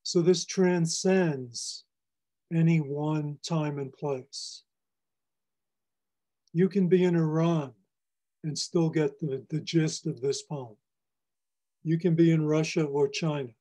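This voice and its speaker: A poet giving a library lecture on poetry, explaining lines in a measured, teacherly way. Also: male voice, a little high, mellow. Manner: measured, explanatory, reads lines aloud for emphasis. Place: public library presentation.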